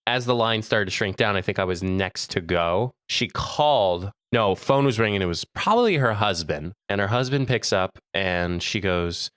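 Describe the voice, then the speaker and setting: A lively young man co-hosting a podcast, his pitch swooping high and low as he imitates the people in his story. His voice is bright and forceful, and it sits dry and close on the mic. He laughs often while he talks. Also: moderate pace, few pauses, smooth, no room sound. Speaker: podcast co-host. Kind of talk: casual storytelling chat.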